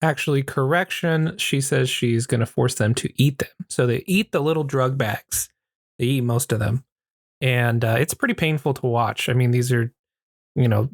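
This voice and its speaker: A man casually recapping a horror film as a podcast host, joking and crude, tossing in quick put-on voices. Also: medium pitch, no echo, clean studio sound. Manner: crude, joking retelling with acted quotes.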